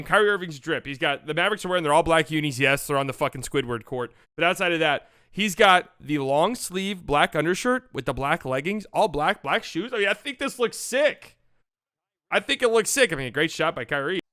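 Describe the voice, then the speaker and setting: A young man breaking down basketball highlights in a casual, excitable way, swearing freely. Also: fairly quick, clean tone. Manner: excitable, swears freely, shifts into mock voices. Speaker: basketball commentary host.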